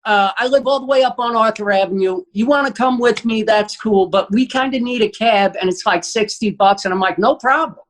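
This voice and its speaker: A man, a guest comedian telling an animated, profane story and acting out the quotes. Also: high voice, fairly quick, few pauses, rough recording.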